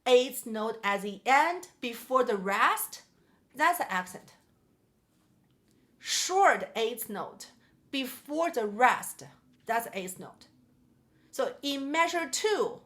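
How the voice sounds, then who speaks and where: Slow, bright-voiced woman teaching piano. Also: fairly high pitch, expressive. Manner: explains in short phrases and sings rhythm syllables. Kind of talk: jazz piano lesson. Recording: piano playing behind.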